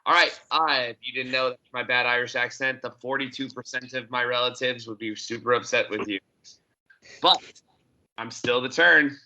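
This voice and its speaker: A man chatting as a podcast co-host, with a very bright, forceful tone. He talks in an upbeat, joking way and laughs easily. The recording sounds dull and lo-fi. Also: medium pitch, fairly even intonation, normal speed, a little hiss or hum. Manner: upbeat, jokey, laughs often. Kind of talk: casual chat.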